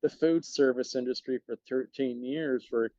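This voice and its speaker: Animated man telling stories on a podcast. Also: mid-range voice, no room sound. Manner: animated, lots of quick restarts. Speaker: actor, podcast guest. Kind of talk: casual chat, storytelling. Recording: dull dry sound.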